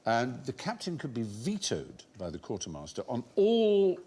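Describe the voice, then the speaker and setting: Husky-voiced British quiz host, articulate. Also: male voice, mid-range voice, wildly swooping pitch, moderate pace, warm tone. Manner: articulate, explains facts at length with wry asides. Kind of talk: TV panel show hosting. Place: TV studio with live audience.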